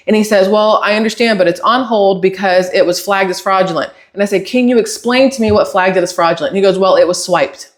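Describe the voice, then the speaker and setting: A woman tells a story to her channel in a loose, casual monologue. She sounds exasperated and animated, and she plays out both sides of the conversation in her retelling. Her voice sits at an ordinary middle pitch. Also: fast talker, hardly any pauses. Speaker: channel host.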